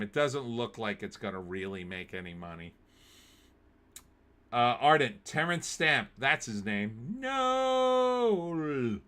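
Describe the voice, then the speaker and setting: A man's voice: fairly low pitch, bright, forceful tone. A man hosting a show alone, chatting casually and giving opinions as he reads live chat and thinks aloud with fillers. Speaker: show host. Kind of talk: casual solo commentary reading live chat.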